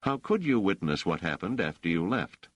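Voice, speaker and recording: A man voicing a stern police officer who questions suspects in a flat, probing, faintly sarcastic way. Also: low voice, moderate pace, slightly rough, dry recording, pitched above the performer's own voice, heavily acted. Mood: interrogating. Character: stern male police officer, coolly interrogating.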